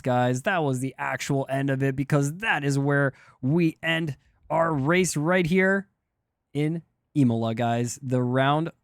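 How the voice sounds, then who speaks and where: A man hosting a sim racing league live stream, rambling excitedly and talking to his chat. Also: mid-range voice, no room sound, clean studio sound. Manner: hyped, rambling, talks to chat. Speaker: streamer and race league host. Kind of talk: casual live-stream commentary.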